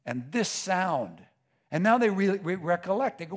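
A man preaching a sermon with passion, dropping to a hush and rising to a shout, with frequent stammers and restarts. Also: sits high, sing-song, normal speed. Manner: impassioned, swings from hushed to shouting.

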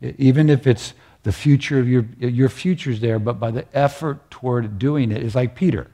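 Male preacher, mellow and husky, earnest conversational sermon that keeps checking in with listeners. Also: mid-range voice, normal speed, few pauses.

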